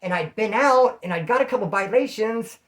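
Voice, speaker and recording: A man's voice: sits high, a little fast. A man casually recounting his own story, with lots of slang, acting out other people's voices as he goes. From California. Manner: animated, slangy, acts out quoted voices.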